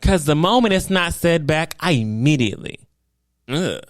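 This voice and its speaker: A man's voice: fairly high pitch, moderate pace, dry recording, clean studio sound. A man co-hosting a casual podcast chat, blunt and theatrical, acting out his reactions and swearing freely. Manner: animated, theatrical storytelling with acted-out reactions. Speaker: podcast co-host.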